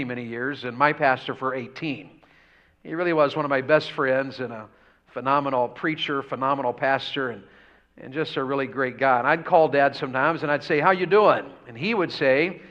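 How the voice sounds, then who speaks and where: A man's voice: mid-range voice, a bit bright. A man preaching a revival sermon, folksy and full of questions to the congregation. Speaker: pastor. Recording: dull lo-fi church audio.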